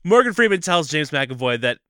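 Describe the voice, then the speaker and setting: A man's voice: a little high, very animated, fairly quick, fairly bright tone, clean tone, no echo, clean studio sound. A man co-hosting a podcast, casually recapping a movie plot with jokes and frequent laughter. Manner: joking, laughs often, slips into mock voices. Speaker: podcast co-host.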